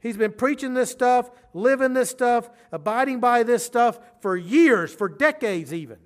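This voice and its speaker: A man preaching a sermon, moving from quiet explanation to urgent, emphatic declarations. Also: extremely high pitch, expressive, unhurried. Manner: emphatic, swings from quiet asides to urgent loud stresses.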